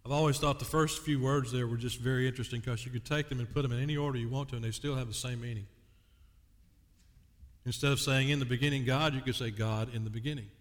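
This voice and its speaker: A male pastor preaching a sermon, reading scripture aloud and dwelling on key words with slow emphasis. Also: medium pitch, fairly even intonation. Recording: long hall reverb.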